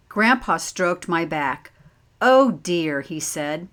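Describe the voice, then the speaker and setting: A woman reading a children's picture book aloud as a teacher, pausing to ask the listeners simple questions. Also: fairly low pitch, lively intonation, a bit bright. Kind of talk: slow read-aloud storytime with questions.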